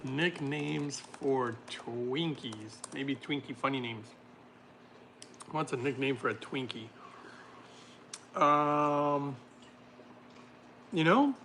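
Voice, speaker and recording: Bright-voiced chatty man with faint hiss. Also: on the high side. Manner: laughs often, jokey riffs, trailing off. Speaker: livestream host reading chat. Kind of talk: casual livestream chat.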